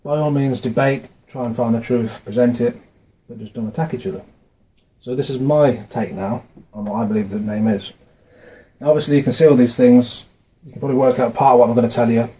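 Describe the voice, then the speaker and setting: A man talking casually to camera from his notes, often pausing with fillers and restarting his words. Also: medium pitch, fairly even intonation, mellow, poor audio. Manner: hesitant, with frequent fillers and restarts. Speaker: video maker explaining a religious topic. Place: indoors, dim room. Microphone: camera mic, facing camera.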